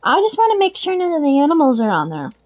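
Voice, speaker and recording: A woman's voice: wildly swooping pitch, quick pace. Woman putting on an eager little boy. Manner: eager, high piping child's voice. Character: excited little boy, curious and kind-hearted. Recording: dull lo-fi recording.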